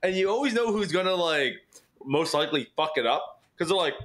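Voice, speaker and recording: A man's voice: fairly high pitch, animated, brisk, a bit bright. A man in casual podcast chat, dry and sweary, laughing through his stories.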